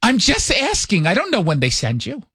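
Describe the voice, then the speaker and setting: A man's voice: high voice, huge pitch swings, moderate pace, pushed and bright, slightly rough, no echo, studio quality, pitched above the performer's own voice, exaggerated voice. A man imitating his older mother from New York, with her accent, asking fussy, repeated questions and acting hurt. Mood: wounded. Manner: repetitive, wounded, prying questions.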